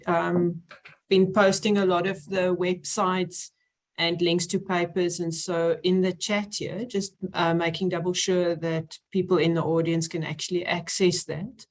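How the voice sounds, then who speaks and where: A woman chairing an online science symposium, introducing speakers with many pauses and fillers. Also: mid-range voice. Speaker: session chair.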